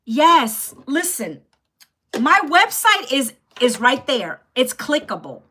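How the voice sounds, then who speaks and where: A woman in her fifties hosting a live stream, talking loudly and bluntly as she pushes her program and scolds viewers in the chat. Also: high-pitched, very animated, slow, husky. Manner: loud and blunt, close to yelling. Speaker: livestream host selling an online program.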